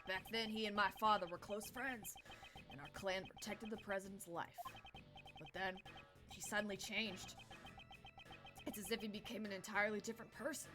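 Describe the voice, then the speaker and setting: A brash young male investigator, as a woman puts him on, with a put-on Southern drawl. He talks cocky and self-assured. Game music runs clearly beneath him. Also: mid-range voice, fairly even intonation, moderate pace, lightly acted. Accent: put-on American Southern. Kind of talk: voicing game dialogue.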